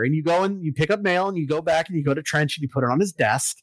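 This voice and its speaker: A man in casual chat, recapping a video game story with lots of fillers and swearing, getting excited about it. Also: on the high side, fast, few pauses, no room sound, poor audio.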